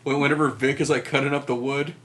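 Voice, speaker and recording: A young man on a casual podcast who rambles through stories, swears often and jumps into loud acted-out quotes. His pitch sits in the middle range for a man. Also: level tone, quick pace. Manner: rambling storyteller, swears freely, acts out quotes in loud voices. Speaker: podcast co-host. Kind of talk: casual chat.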